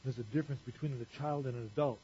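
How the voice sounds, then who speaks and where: A male pastor preaching a sermon to a congregation, talking conversationally with rhetorical questions and swinging from loud to quiet. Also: medium pitch, fast talker, a little hiss or hum. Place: church. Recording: dull lo-fi church recording.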